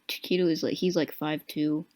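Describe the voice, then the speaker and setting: A woman's voice: low-pitched, steady tone, a little fast, very noisy. A woman co-hosting a podcast, in casual chat, chatty and laughing. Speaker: podcast co-host.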